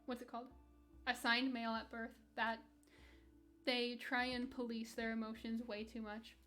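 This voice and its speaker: A woman's voice: on the high side, little pitch movement, normal speed, fairly bright tone, soft background music. A young woman streaming and chatting candidly with her live chat, rambling with restarts and light laughs. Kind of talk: casual chat reading live chat while gaming.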